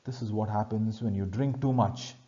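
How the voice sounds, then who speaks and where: A man's voice: fairly low pitch, steady tone, moderate pace, mellow, highs cut off. A male teacher, explaining a play in a classroom lecture by reading lines aloud and then paraphrasing them plainly.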